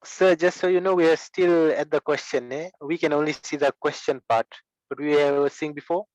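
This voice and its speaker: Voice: medium pitch, fairly even intonation, normal speed, darkish tone, dry recording, muffled recording. A student in an online class, politely addressing the teacher as sir.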